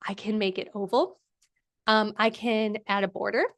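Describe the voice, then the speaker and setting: A woman's voice: mid-range voice, steady tone, moderate pace. A young woman hosting a live workshop, walking through a design tool in a chatty, enthusiastic way with many fillers. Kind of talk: casual live screen-share demo.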